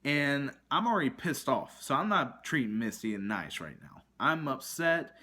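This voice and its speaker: Male vlogger, exasperated storytime rant, bright forceful tone, acts out the back-and-forth. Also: mid-range voice, measured pace. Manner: animated, exasperated, acts out both sides of a phone call. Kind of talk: ranting storytime monologue.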